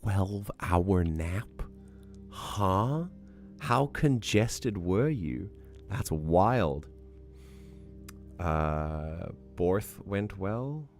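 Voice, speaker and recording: A man with a deep, low-pitched voice that has gone hoarse, chatting casually on a livestream. He talks in a playful, teasing, rambling way. Soft music plays quietly in the background. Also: lively intonation, drawn-out words. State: hoarse, losing his voice. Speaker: livestream host.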